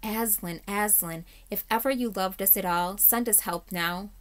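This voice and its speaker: A woman reading aloud voices a frightened young girl who whispers a soft, pleading prayer. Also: medium pitch, measured pace, lightly acted.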